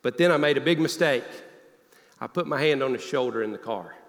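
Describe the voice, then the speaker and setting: Guy preaching, storytelling, goes quiet and earnest, church hall echo, mid pitch. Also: a little fast. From Northeast Alabama. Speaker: pastor. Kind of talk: sermon. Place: church sanctuary. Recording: long hall reverb.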